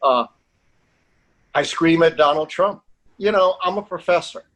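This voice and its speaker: A man's voice: a little high, unhurried, a bit bright, rough recording. An older American man, a professor, giving emphatic, indignant answers in a TV interview. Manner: emphatic, indignant, rising to stress key words. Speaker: political science professor, guest.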